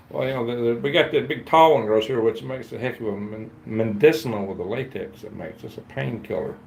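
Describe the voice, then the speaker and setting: A man's voice: medium pitch, moderate pace, vocal fry, slight background noise. A man, hosting a casual livestream chat in a rambling, folksy way. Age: 50s. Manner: rambling, folksy, greets viewers and reads chat aloud. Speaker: livestream host.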